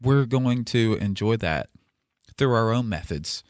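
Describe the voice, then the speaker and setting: A man hosting a podcast in casual chat, excitable and playful, laughing often, on a close studio mic. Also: medium pitch, measured pace, no echo. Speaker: podcast host.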